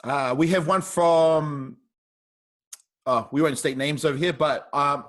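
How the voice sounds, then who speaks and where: A man's voice: a little high, unhurried, fairly bright tone. A man interviewing a guest, reading out viewer questions in a friendly, informal way.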